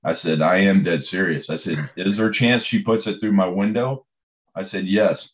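A man's voice: deep voice, fairly even intonation, normal speed, muffled recording. A man, a coach, telling stories in a conversation, rambling with many fillers and restarts. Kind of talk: storytelling in conversation.

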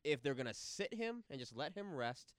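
A man co-hosting a sports podcast, chatting in an animated, informal way. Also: on the high side, normal speed, clear, resonant tone, dry recording. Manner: animated, laughing, informal slang. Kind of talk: casual sports chat.

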